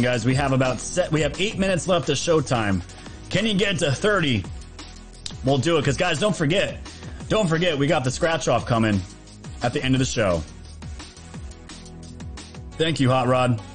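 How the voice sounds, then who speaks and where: A man hosting a livestream, casually chatting and thanking viewers for donations with upbeat energy. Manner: upbeat, thanks viewers quickly, lively pitch jumps. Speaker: livestream host.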